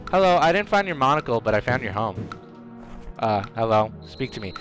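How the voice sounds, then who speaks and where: A man doing excitable let's play commentary, trash-talking the enemies in his game. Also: mid-range voice, brisk, faint music behind. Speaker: gamer.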